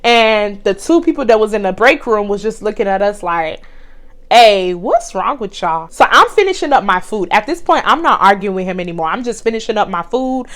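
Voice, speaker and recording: A woman, telling a blunt, profane, animated story to her vlog viewers. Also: mid-range voice, brisk, few pauses. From Texas. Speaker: vlogger.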